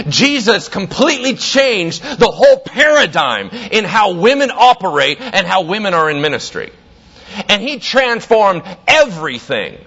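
A man preaching a sermon, telling the story with lively energy and acting out the characters' voices. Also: very high voice, highs cut off. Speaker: pastor.

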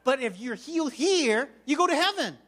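A man from Korea, a pastor preaching a sermon through an animated personal story, acting out quotes and repeating words as he goes. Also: extremely high pitch, moderate pace.

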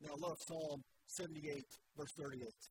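A man's voice: fairly high pitch, steady tone, normal speed, background noise. A middle-aged man preaching a sermon as pastor, earnest and conversational, asking the listeners questions.

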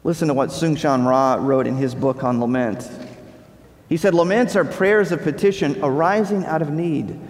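A male pastor delivering a sermon, preaching with dramatic pauses and rising emphasis. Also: a little high. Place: church sanctuary. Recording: long reverb of a large hall.

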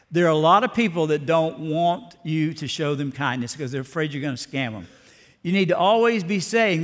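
A pastor gives a folksy, storytelling sermon. His man's voice sits a touch high for a man. It rings out with a long echo as though he is in a large sanctuary. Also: fairly bright tone. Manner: folksy, storytelling, down-to-earth preaching. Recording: long hall reverb.

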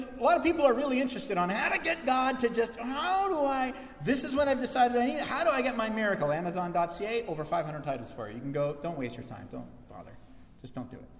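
A man preaching a sermon as pastor, lively and acting out the voices he quotes. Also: on the high side. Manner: animated, acts out quoted voices. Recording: echoey church hall.

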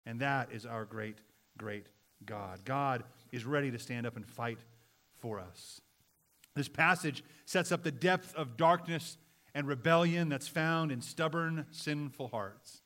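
A man preaching a sermon to his congregation, earnest and emphatic, his voice rising loud and dropping to a hush. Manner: earnest, swings between loud emphatic lines and low hushed ones. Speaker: pastor.

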